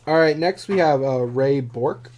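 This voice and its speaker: A man's voice: medium pitch, a little slow, a little mellow, a little hiss or hum. A man hosting a live card-breaking stream in casual, self-mocking chat with a dry throat. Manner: joking, self-mocking, chatty.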